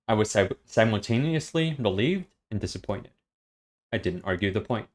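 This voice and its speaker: A man reading a web serial aloud on a stream, steady and matter-of-fact. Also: lowish voice, moderate pace.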